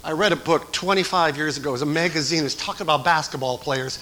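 A middle-aged man preaching a sermon as pastor, swinging from quiet talk to shouted exhortation. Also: on the high side, fast talker, hardly any pauses, low-quality recording.

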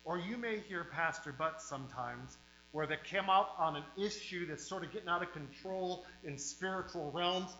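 A male pastor preaching a sermon in a church, emphatic, with sudden swings in loudness and words he stretches out slowly. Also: sits high. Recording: roomy, dull sound with faint mains hum.

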